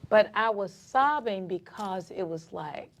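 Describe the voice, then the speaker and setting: A woman's voice: medium pitch, measured pace. A woman from Atlanta, a community activist, telling her own story in a casual interview and acting out the voices of other people. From Atlanta, Georgia. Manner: animated storyteller who acts out dialogue.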